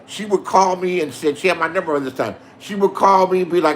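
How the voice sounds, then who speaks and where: A man's voice: sits high, quick pace, few pauses. A man telling a profane story in a boastful rant, swearing and insisting that what he says is the truth. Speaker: online show host.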